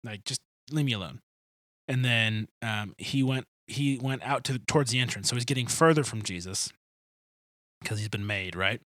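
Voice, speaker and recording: A man hosting a podcast, telling a story in an animated, joking way in casual discussion. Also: mid-range voice, normal speed, no room sound, clean studio sound. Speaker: podcast host.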